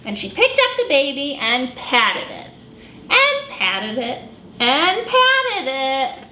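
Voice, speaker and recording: Animated high-voiced woman reading to kids. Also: slow. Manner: animated, expressive. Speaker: children's librarian. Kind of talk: storytime read-aloud. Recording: echoey room with faint noise.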